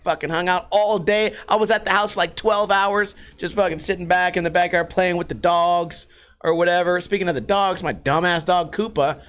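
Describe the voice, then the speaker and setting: High-voiced animated man, swearing. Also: normal speed, clear, resonant tone. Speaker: vlogger. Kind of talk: casual profane storytelling.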